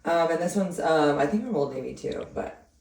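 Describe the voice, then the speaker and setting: A woman's voice: low voice, animated, a little fast, gravelly, a little mellow. A woman chatting casually and giggling as she walks through a hair tutorial. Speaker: vlogger. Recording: roomy sound, distant from mic.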